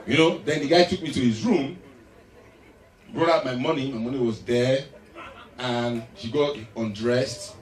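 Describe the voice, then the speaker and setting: A man's voice: medium pitch, a little slow, long pauses, far from the mic. A man doing stand-up comedy, telling a story animatedly and slipping into acted voices, recorded live on stage in an echoey hall. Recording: echoey live hall, mic from afar, crowd.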